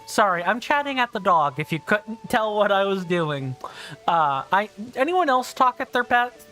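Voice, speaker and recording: Woman streamer at home, casual and chatty, self-deprecating asides, mid-range pitch. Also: sing-song, moderate pace, a bit bright, soft background music. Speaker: game streamer. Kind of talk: casual livestream chat. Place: home office.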